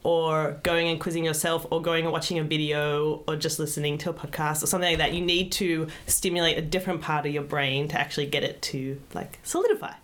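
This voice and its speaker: Young woman doctor chatting on a podcast, lowish voice, laughs a lot. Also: steady tone, quick pace, few pauses. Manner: chatty, laughs often, self-deprecating. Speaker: podcast co-host, junior doctor. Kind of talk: casual chat.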